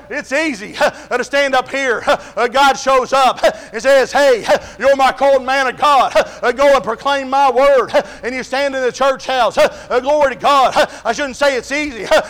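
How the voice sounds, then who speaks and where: Very high-voiced man preaching with gasps. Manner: chanted preaching with a sharp gasp after each phrase; frequent "uh" fillers and refrains of "glory to God". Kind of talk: sermon.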